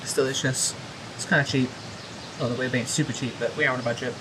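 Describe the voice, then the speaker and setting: A woman's voice: a bass voice, quick pace. Young woman vlogging on a hike, easygoing, talks you through stuff, noisy outside audio. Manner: relaxed, explaining step by step. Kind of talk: casual travel vlog chat.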